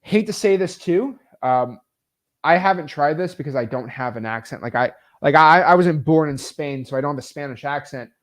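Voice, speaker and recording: A man teaching real estate wholesaling in a casual, energetic way, full of fillers like "like" and "um". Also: fairly high pitch, moderate pace.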